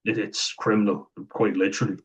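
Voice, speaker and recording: Low husky Irish man. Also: level tone, fairly quick, low-quality recording. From Ireland. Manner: blunt, chatty, acts out quoted lines. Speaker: commentator reviewing a series. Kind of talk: casual commentary.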